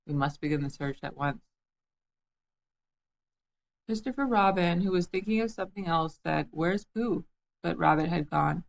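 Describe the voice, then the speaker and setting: A woman reading a children's book aloud in a gentle, amused way. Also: lowish voice, rough recording. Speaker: storybook reader.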